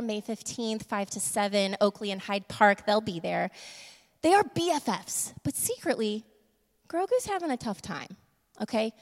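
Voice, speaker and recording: A woman giving a casual sermon, laughing often and moving between quick asides and slow, emphatic lines. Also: fairly high pitch. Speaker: church speaker. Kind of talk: casual sermon with humor and props. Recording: long reverb of a large room.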